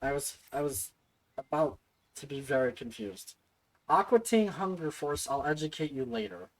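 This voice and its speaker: A woman's voice: deep voice, lively intonation, moderate pace, low-quality recording. A woman streaming a video game, chatting casually and playfully with viewers in a self-mocking way.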